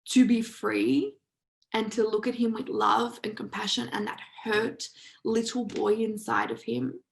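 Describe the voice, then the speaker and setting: Gravelly-voiced woman hosting a motivational talk. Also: mid-range voice, low-quality recording. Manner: emphatic, casual, with swearing. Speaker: host of a live online session.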